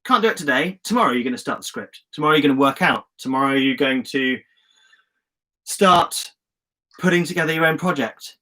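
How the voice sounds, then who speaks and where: A man from England leading a casual live-streamed session, talking in a fairly high, upbeat voice. He coaches his viewers warmly, cheers on their comments and keeps things loose and chatty over a webcam. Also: fairly quick. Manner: chatty and encouraging, reads out viewer comments with lively enthusiasm. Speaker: host of a live online journaling session. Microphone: phone or webcam on a live stream.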